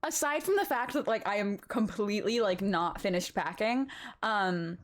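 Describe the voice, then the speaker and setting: A woman's voice: medium pitch, moderate pace. A young woman chatting casually with her live-stream chat from home, bubbly and rambling, laughing often.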